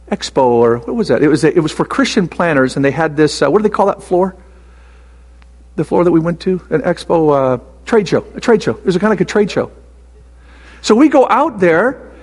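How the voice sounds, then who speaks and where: An older man preaching a sermon in a high-pitched voice, full of stories and halting restarts. His voice rings with a long reverb, as if it carries through a church sanctuary. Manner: storytelling, halting with many restarts. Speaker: pastor.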